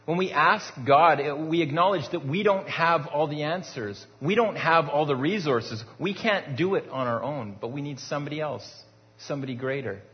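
A pastor preaching a sermon in a conversational way, with rhetorical questions and frequent restarts. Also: male voice, on the high side. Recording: dull sound with long hall reverb.

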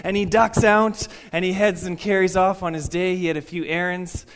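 A man's voice: high-pitched, fairly quick. A young man, a youth pastor, preaching a Sunday sermon in a church in a conversational storytelling way. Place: church sanctuary.

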